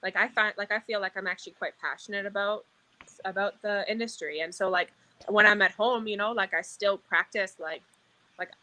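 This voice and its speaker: A woman's voice: medium pitch, steady tone, brisk, sharp tone, rough recording. A young woman guest, a casino dealer, talking casually and rambling with lots of "like". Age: young adult. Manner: rambling, says "like" constantly. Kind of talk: casual chat.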